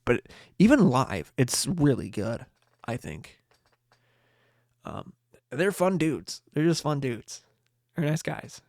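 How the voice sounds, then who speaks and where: A man's voice: medium pitch, very animated, slow pace, creaky, pauses often, darkish tone, no echo, clean studio sound. A man hosting a late-night podcast, chatting in a rambling, upbeat way full of fillers and restarts. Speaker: podcast host.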